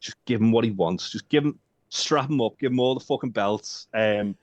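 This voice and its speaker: A man's voice: mid-range voice, moderate pace, no echo. A man co-hosting a casual podcast, rambling and joking with lots of swearing and filler ums. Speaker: podcast co-host. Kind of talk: casual chat. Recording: dull dry lo-fi sound.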